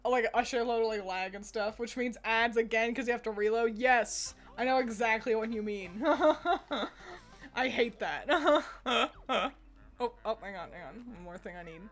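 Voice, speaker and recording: A young woman streams from home, offering casual gaming commentary while playfully chatting with her cat and cursing freely into a desk microphone. Her voice is on the high side and her pace is measured.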